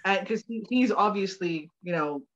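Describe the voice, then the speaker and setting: A woman guest telling a funny story in casual chat, animated and laughing often. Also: mid-range voice, normal speed. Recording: dull lo-fi audio.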